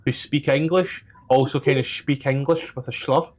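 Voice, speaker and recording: A man running a tabletop game as dungeon master, describing scenes in a halting way with lots of fillers. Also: mid-range voice, steady tone. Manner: halting description full of "like" and "kinda".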